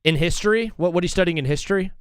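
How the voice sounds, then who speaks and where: A man hosting a live sports comedy call-in stream, bantering with callers in an energetic, joking, rambling way. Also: high-pitched, racing, smooth, dry recording, clean studio sound.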